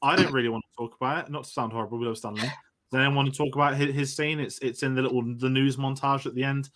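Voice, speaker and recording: A man's voice: mid-range voice, fairly even intonation, fast talker, a bit bright. A man hosting a casual film discussion podcast, rambling and correcting himself as he goes. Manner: rambling, self-correcting, enthusiastic. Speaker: podcast host.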